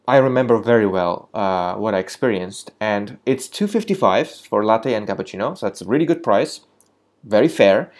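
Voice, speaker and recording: A London-based coffee reviewer talks casually to camera, ranking coffee shops. His medium-pitched voice has a darkish tone, and he sounds hesitant, with many fillers and restarts, though his energy rises whenever he says "moving on".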